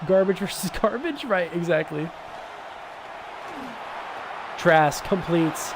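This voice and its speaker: A young man giving casual, excitable commentary over a football video game, swinging between hype and grumbling. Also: high voice, takes it slowly. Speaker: gaming YouTuber. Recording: noisy background.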